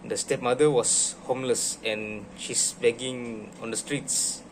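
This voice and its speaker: Man playing a student, hesitant, polite, mid-pitched, faint hiss behind. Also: fairly even intonation, unhurried. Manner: hesitant, polite answers with fillers. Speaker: student in a classroom role-play.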